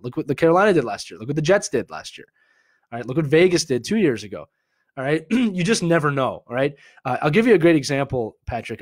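A man from Philadelphia with a Philly accent, hosting a live hockey chat and answering viewer questions in a chatty, animated way. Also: mid-range voice, dry recording, studio quality. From Philadelphia, USA. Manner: animated, chatty, full of filler words and asides.

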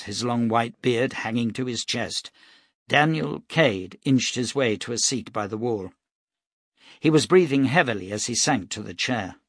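A man reading a novel aloud as narrator, in a steady, even way. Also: mid-range voice, no room sound, clean studio sound. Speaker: audiobook narrator. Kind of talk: scripted narration.

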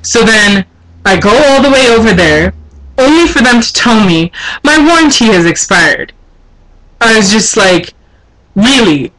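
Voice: mid-range voice, expressive, measured pace, fairly bright tone, poor audio. A young adult vlogger complaining in an indignant, exasperated casual rant. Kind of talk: casual ranting vlog.

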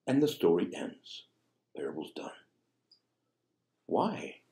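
A man's voice: lowish voice, big pitch swings, normal speed, dark tone. A man preaching a sermon as a priest, speaking conversationally and tossing in rhetorical asides. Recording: echoey room.

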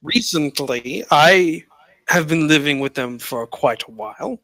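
A man voicing a large, refined orc chieftain with a British accent, speaking formally and deliberately. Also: fairly high pitch, lively intonation, pushed and bright, no echo, exaggerated voice. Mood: dignified. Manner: formal, measured.

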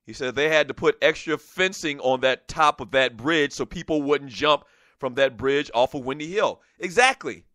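A man hosting a casual sports talk show, animated, often laughing and reading listener messages aloud. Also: on the high side, normal speed, no echo, clean studio sound.

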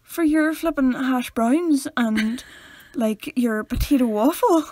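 Husky Northern Irish woman, soft and dry. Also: sits high, slow, no room sound. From Northern Ireland. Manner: teasing quizmaster, often drops to a soft mumble. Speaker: podcast co-host. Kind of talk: casual chat.

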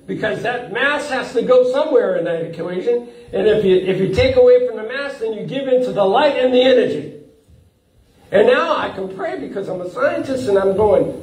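A man preaching a sermon as a pastor, animated, chuckling often and breaking up his sentences with uh and repeats. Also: very high voice, moderate pace. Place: church hall. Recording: echoey hall, from far off.

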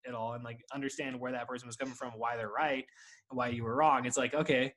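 A man's voice: medium pitch, fairly even intonation, fast, fairly bright tone. A man chatting casually on a podcast, swearing and saying "dude" constantly. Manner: profane, says "dude" a lot. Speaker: podcast co-host. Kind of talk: casual chat.

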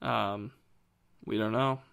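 A man co-hosting a podcast, chatting casually about a TV series in a rambling, animated way. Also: lowish voice, slow pace, creaky, smooth. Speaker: podcast co-host. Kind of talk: casual film review chat.

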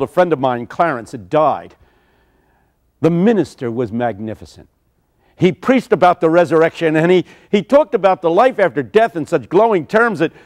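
An older man preaching a sermon, telling stories dramatically with sudden shouts. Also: a little high. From United States.

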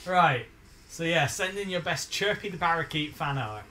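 Lively sweary guy streaming a game, slightly high voice, game music behind. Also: moderate pace. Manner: sweary, excitable, laughs often. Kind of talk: casual live-stream chat.

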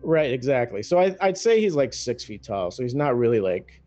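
Man player, casual and rambling; mid pitch, dull lo-fi sound. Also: very animated, normal speed, warm tone. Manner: rambling, hesitant with fillers. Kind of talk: casual chat at a tabletop game. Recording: dull lo-fi sound with faint music.

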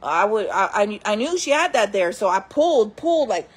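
A woman's voice: medium pitch, very animated, moderate pace, husky. A woman telling her own stories to camera in casual, candid talk, often calling her viewers friends. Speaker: storyteller host.

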